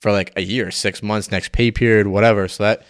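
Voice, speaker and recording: Casting: young guy, lowish smooth voice, dry close sound, wry co-host. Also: fairly even intonation, brisk, no room sound. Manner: wry, joking asides, drops his voice low. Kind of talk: casual chat.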